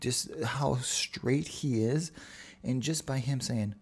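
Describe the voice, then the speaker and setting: A man's voice: medium pitch, slow, darkish tone, breathy edge. A man hosting a solo podcast, talking casually and rambling with profane asides. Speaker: podcast host.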